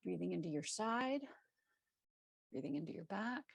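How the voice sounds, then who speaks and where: Calm woman cueing a yoga class. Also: mid-range voice, moderate pace, gravelly, husky, no room sound. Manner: calm cueing with self-correcting laughs. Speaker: yoga teacher. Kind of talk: live online yoga class instruction. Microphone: video call.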